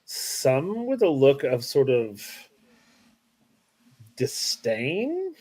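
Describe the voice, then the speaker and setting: A man's voice: medium pitch, huge pitch swings, very slow, dark tone, slightly rough. A man narrating a tabletop game as game master, casual and hesitant with many fillers.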